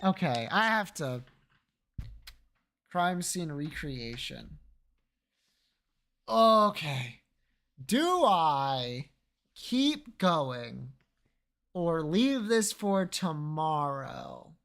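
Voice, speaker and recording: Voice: medium pitch, sing-song, drawn-out words, long pauses, a bit bright. A streamer chatting casually to viewers while gaming, joking around and swearing freely. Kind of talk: casual game stream chat.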